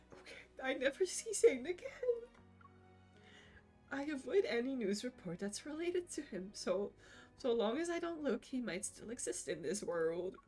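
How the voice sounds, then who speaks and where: A woman's voice: a little high, very animated, normal speed, a little mellow, soft background music. A young woman streaming a game live, emotional and giggly, reading the story text aloud. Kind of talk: live gameplay commentary.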